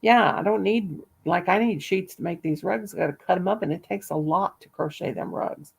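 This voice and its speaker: A woman's voice: lowish voice, normal speed, vocal fry, breathy edge. An older woman vlogger, chatty and salty, telling home stories with frequent laughter. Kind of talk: casual chat, storytelling.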